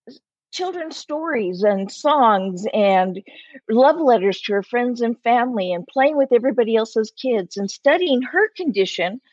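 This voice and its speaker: A woman in her sixties, an interview guest, telling a personal story in an animated way and acting out the voices in it. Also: fairly high pitch, no echo. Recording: slightly muffled, lo-fi.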